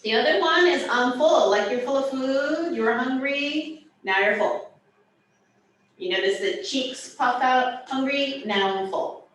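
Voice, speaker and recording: A high-voiced woman teaches sign language to a class gathered in person and on a video call. She explains each sign slowly, animated and full of playful asides, while the distant mic picks up echo and faint room noise.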